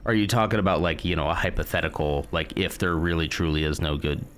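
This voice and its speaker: Deep-voiced, musing American man. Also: steady tone, fast talker, a little hiss or hum. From United States. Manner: musing and hesitant, thinking out loud with many fillers. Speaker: streamer. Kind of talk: casual live-stream chat while gaming.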